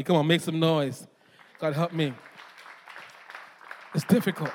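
A man preaching as a guest pastor, animated and joking, calling on the congregation to answer back. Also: fairly high pitch. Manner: animated, calls for audience response, self-deprecating jokes. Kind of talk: energetic sermon. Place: church hall. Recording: long hall reverb.

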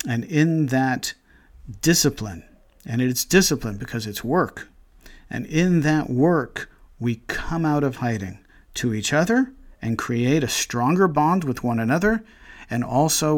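A man guides listeners through a quiet devotional meditation on scripture. His pitch sits in an ordinary middle range, and he speaks gently and earnestly. He stops mid-phrase and circles back as he thinks aloud. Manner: slow, reflective, gently earnest; pauses mid-phrase, restarts thoughts.

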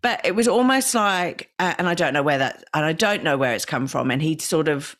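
An Australian woman hosting a podcast interview, chatty and animated, often tagging her points with a rhetorical question. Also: deep voice, fairly quick. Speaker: podcast host. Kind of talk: casual conversational interview.

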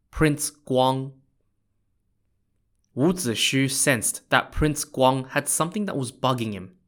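A man narrating a history tale in a relaxed, conversational podcast style. He speaks at an ordinary middle pitch and often turns aside to talk straight to his listeners. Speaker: podcast storyteller. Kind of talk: casual history storytelling.

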